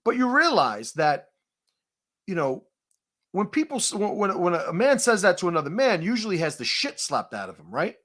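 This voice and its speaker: A man host telling a profane confrontation story in a casual, animated way, laughing at his own punchlines. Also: sits high, normal speed.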